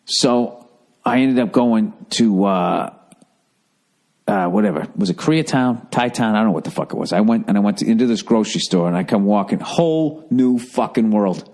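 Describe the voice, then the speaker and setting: A man in his fifties with a Boston accent, hosting a podcast and telling a profane, animated comedic story. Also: lowish voice, moderate pace, creaky. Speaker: podcast host. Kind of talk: casual comedic monologue.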